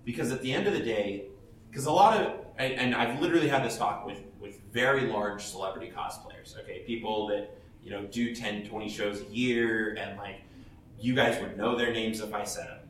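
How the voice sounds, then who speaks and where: A man's voice: on the low side, normal speed, fairly bright tone, slight background noise. Blunt, laughing man giving panel advice, picked up from a distance in a big echoey hall with faint ambience. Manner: blunt, chatty, laughs often, restarts sentences. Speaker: professional cosplayer speaking at a panel. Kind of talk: casual advice talk to an audience.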